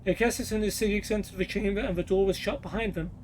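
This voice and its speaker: Gaming host reading a book aloud, high voice, steady with little slips, faint noise behind. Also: male voice, quick pace, rough recording. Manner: steady storytelling read with small stumbles.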